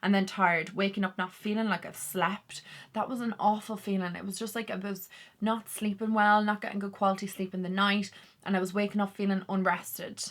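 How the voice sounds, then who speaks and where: Woman, vlogger, casual talk to camera, bright voice, candid, chatty. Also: mid-range voice, little pitch movement, a little fast. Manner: chatty and candid, many "like" fillers.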